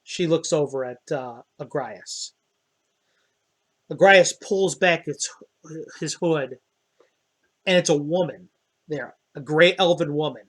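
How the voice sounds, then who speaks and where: A man running a tabletop game as dungeon master, describing scenes in a relaxed way with hesitant fillers. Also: on the high side, takes it slowly, long pauses.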